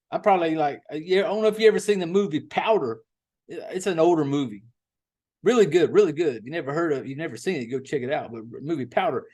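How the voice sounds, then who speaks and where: A folksy man hosts a podcast in loose, profane chat. His voice sits a little high for a man, and he rambles and drawls as he goes. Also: a little mellow. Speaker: podcast host.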